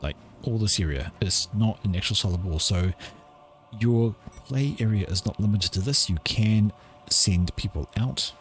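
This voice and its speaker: A man's voice: fairly low pitch, normal speed, faint music behind. A man casting a strategy game with casual play-by-play commentary, chatty and joking in his asides. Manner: chatty, with offhand jokes and asides. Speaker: game caster.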